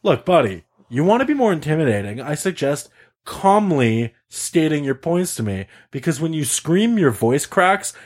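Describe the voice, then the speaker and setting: A man's voice: fairly high pitch, very animated, moderate pace. A young man telling a story in casual chat, acting out quotes and swearing often. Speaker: podcast co-host telling a story.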